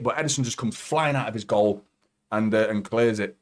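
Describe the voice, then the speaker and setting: A man hosting a live football watchalong, commentating as a fan and swearing a lot as he swings from nervous muttering to shouting. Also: medium pitch, animated, brisk, slight background noise.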